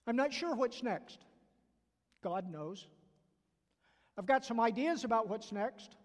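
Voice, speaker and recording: Older Southern man preaching, stutter, high voice. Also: expressive, slow. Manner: earnest, repeats key phrases, acts out quoted voices. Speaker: church staff preacher. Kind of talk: sermon. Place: church sanctuary. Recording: long reverb from a large hall.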